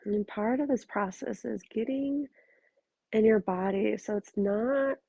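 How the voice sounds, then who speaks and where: Woman, podcast host, frank and swearing, tired, husky, mellow. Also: mid-range voice, measured pace, dry recording, dull audio. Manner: frank, emphatic, swears freely. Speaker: podcast host and relationship coach. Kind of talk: casual solo podcast monologue. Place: bedroom, curled up in bed.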